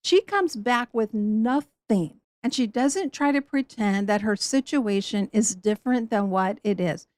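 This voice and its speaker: A woman teaching the Bible in an animated storytelling way, acting out the people she quotes. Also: medium pitch, unhurried, no echo.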